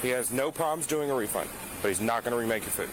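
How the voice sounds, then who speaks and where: A police officer explaining things outdoors in a steady, matter-of-fact way, recorded on a body camera. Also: male voice, mid-range voice, fast. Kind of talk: calm explaining on bodycam. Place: outdoors by a fast food restaurant. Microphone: body camera mic. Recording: noisy bodycam audio outdoors.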